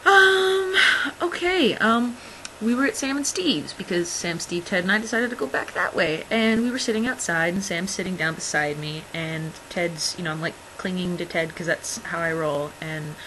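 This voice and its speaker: A woman's voice: on the low side, expressive, moderate pace, sharp tone, slight background noise, rough recording. A young woman vlogging in casual chat, rambling through stories with lots of fillers and wry, exasperated asides. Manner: rambling, filler-heavy storytelling.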